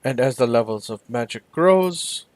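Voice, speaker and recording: A man voices a grave, ponderous envoy with a German accent. He drags out each word slowly, savoring every vowel and consonant. The recording is dry and close. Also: medium pitch, expressive, darkish tone, no echo, close to an everyday voice.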